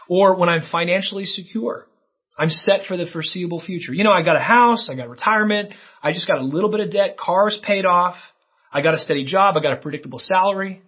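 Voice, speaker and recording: A man preaching a sermon, earnest and animated, with many rhetorical questions. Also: on the high side, brisk, breathy edge, muffled recording. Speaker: pastor.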